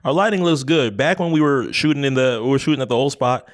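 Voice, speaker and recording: A man's voice: mid-range voice, quick pace. A man co-hosting a casual podcast from a studio, chiming in often and restating points. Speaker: podcast co-host. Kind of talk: casual chat.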